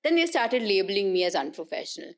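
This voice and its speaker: A woman's voice: mid-range voice, sing-song, fast talker. A woman, a guest on a podcast, telling stories animatedly and laughing often. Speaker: guest, actress and politician. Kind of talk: casual podcast conversation.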